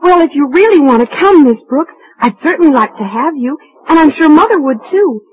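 A woman's voice: sits high, lively intonation, normal speed, darkish tone. An actress playing a polite, hesitant teenage girl in a 1950s radio sitcom. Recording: dull lo-fi old radio recording.

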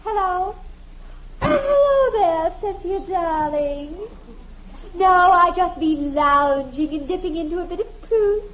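A woman's voice: very high-pitched, expressive, unhurried. A woman playing a status-conscious, dramatic teenage daughter who puts on airs, in a 1950s radio sitcom. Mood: affected. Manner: affected, putting on airs, theatrical. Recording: dull lo-fi old radio recording.

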